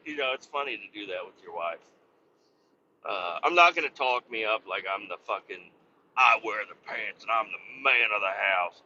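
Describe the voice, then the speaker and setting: A man's voice: mid-range voice, pushed and bright, dull audio, slight background noise. A man rambling casually about family life, swearing freely and joking at his own expense, full of fillers. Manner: profane, rambling, self-mocking with many fillers. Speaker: podcast host and family man.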